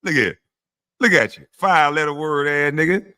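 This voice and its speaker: Loud trash-talking livestream host man. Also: clear, resonant tone. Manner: trash-talking, loud and mocking, pitch jumping up when heckling; slow and low when calming down. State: smoking while talking. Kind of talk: casual livestream roasting of chat.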